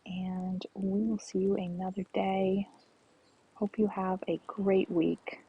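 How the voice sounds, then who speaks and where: A woman streaming a relaxed game, talking slowly and softly, often half-whispering as she goes. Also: medium pitch, phone-quality sound. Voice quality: gravelly, husky. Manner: slow, soft-spoken, often half-whispered. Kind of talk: relaxed gameplay commentary.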